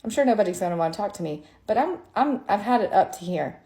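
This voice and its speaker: A woman's voice: mid-range voice, expressive, fast, dark tone. A woman tax attorney, tired after a long day, telling a frustrating story to camera in an exasperated, sarcastic, emphatic rant. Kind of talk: ranting story monologue to camera.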